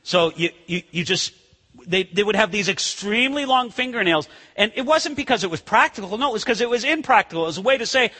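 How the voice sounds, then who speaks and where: A male pastor preaches an animated, conversational sermon and acts out scenes as he goes. His voice sits high, swings widely in pitch and sounds bright with a husky edge. Long reverb trails his words through a church sanctuary. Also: quick pace. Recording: long reverb of a large hall.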